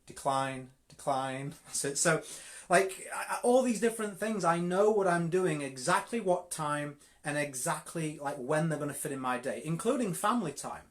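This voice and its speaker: A man's voice: fairly high pitch, animated, moderate pace. A man with a Yorkshire accent giving a live-streamed network marketing coaching talk, direct and emphatic, often repeating words for stress. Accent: Yorkshire English.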